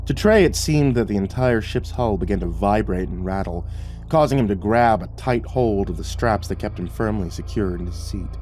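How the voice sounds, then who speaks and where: A man narrating a scripted sci-fi horror story in a steady, measured way. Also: on the low side, faint music behind.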